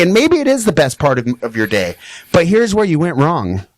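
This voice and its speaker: A man with a fairly high speaking voice explains dog training as a guest on a podcast, lively and animated, often slipping into playful voices to act out owners. The sound is close and dry, with no room in it. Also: fairly quick, no room sound. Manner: animated, acts out high excited voices when quoting owners. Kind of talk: podcast interview. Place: podcast studio.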